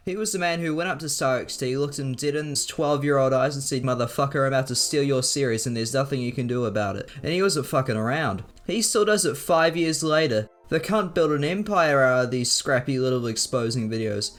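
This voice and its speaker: A man's voice: fairly high pitch, fairly bright tone. A young man narrating scripted commentary in a sarcastic, profane way. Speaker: video commentator.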